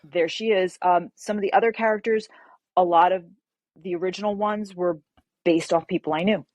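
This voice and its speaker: Woman novelist guest, low voice, animated, dry recording. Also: normal speed, dry recording. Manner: animated storyteller, acts out quotes. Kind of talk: casual interview chat.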